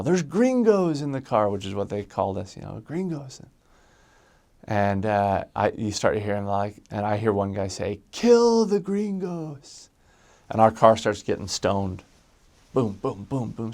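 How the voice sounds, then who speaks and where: A man telling a personal story from his missionary days, lively and halting, with frequent restarts. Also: lowish voice.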